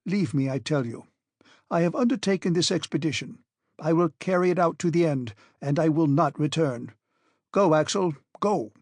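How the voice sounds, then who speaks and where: A headstrong old professor on a perilous expedition, as an audiobook reader puts him on, commanding and scornful. The voice sits fairly high and sounds husky. The reading is close and dry. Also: male voice, normal speed, darkish tone, no echo. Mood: defiant. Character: stern, obstinate old male professor explorer.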